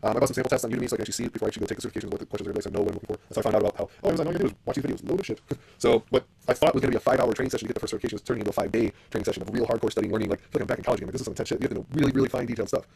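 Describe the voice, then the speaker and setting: A man's voice: fairly low pitch, rapid-fire, creaky, a little mellow, husky. A middle-aged man hosting a casual solo podcast, blunt and profane as he rants about business. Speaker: podcast host.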